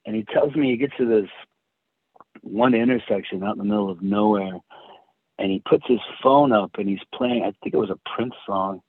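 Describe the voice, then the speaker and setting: A man telling a personal story in casual chat, halting and restarting often. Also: lowish voice, no room sound. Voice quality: husky, halting with many restarts. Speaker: guest. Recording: tinny phone-like sound.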